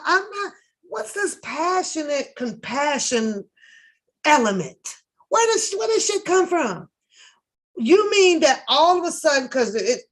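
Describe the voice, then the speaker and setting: A woman giving casual reaction commentary, talking bluntly with plenty of profanity, rambling, and throwing in sarcastic asides. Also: fairly high pitch. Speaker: reaction video host.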